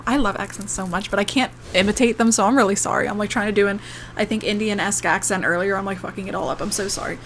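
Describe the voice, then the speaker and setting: A woman's voice: medium pitch, a bit bright, a little hiss or hum. A young adult woman, an ASMR creator, telling a long, emotional personal story in a casual, rambling way, swearing now and then.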